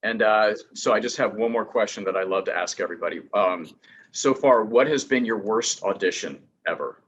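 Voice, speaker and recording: Man interviewer, husky low voice, muffled lo-fi sound, filler-heavy questions. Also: moderate pace, fairly bright tone.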